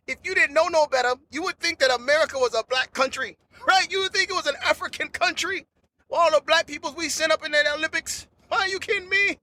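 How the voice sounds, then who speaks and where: A man's voice: very high-pitched, pushed and bright. A man hosting a comedy podcast alone, riffing in a rambling, repetitive, slangy monologue. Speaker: podcast host.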